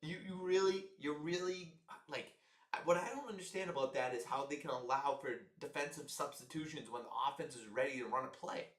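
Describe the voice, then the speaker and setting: A young man giving casual live football commentary on a stream, frustrated and swearing, with sudden loud outbursts. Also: fairly high pitch, brisk, echoey room, recorded from a distance. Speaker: livestream commentator.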